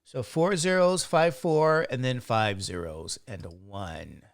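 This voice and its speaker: A man lecturing on statistics at an unhurried, deliberate pace, with a gravelly edge to his voice. He works through each calculation and counts digits aloud one by one. The sound is dry and close. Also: mid-range voice, no echo. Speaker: statistics instructor. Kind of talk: classroom lecture.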